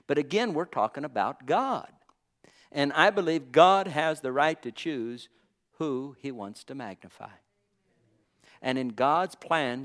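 A man delivering a sermon, his fairly high voice swooping up and down with lively inflection. He preaches in an impassioned yet conversational manner, peppering his talk with exclamations of praise.

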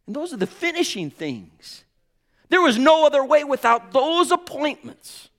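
A man preaching a sermon with fervor, swinging between hushed tones and ringing exclamations and calling his listeners brothers and sisters. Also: very high-pitched, sing-song, unhurried. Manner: addresses the congregation as brothers and sisters.

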